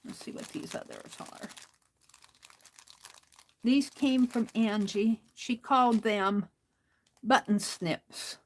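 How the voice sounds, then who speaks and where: An older woman with a voice on the high side speaks slowly with long pauses, over a rough recording. Hosting a crafting livestream, she talks to herself as she works and chats casually while reading viewer comments, laughing often.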